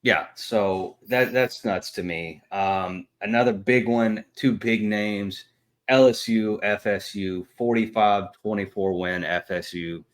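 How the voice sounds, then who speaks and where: A man's voice: on the low side, fairly even intonation, takes it slowly. A man, co-hosting a casual sports podcast, blunt and trash-talking with lots of fillers. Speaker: podcast co-host.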